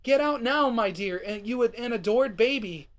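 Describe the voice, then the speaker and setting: A man's voice: very high-pitched, expressive, normal speed, pitched above the performer's own voice. A man voicing an eerie, doting female pony speaking to her unborn baby. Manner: creepily tender. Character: eerie doting mother pony giving birth.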